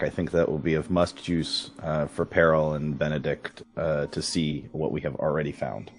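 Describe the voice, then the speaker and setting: A man's voice: very deep voice, flat delivery, normal speed, few pauses. A man playing a tabletop role-playing game who makes polite, formal requests. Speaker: player.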